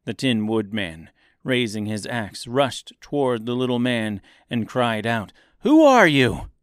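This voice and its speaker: A man narrating a children's storybook in a measured reading. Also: fairly low pitch, fairly even intonation, smooth, dry recording, studio quality. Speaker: audiobook narrator.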